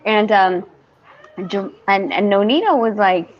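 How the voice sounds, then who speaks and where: A woman's voice: medium pitch, fairly quick, slight background noise. Chatty woman on a lo-fi voice chat. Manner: rambling storyteller, swears often. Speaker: panelist on an online boxing chat. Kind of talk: casual group chat.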